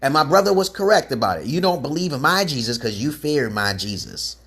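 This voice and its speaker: A man's voice: medium pitch, sing-song, a little fast, gravelly, fairly bright tone, husky. A man rambling through a preachy livestream monologue on a webcam mic, swearing freely and greeting chat viewers as he goes. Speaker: livestream host giving self-styled advice.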